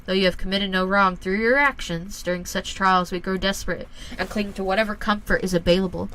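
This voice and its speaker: A woman voicing a stern middle-aged father who speaks gravely and deliberately, lecturing his son. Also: mid-range voice, steady tone, sharp tone, slight background noise, lightly acted, low-quality recording.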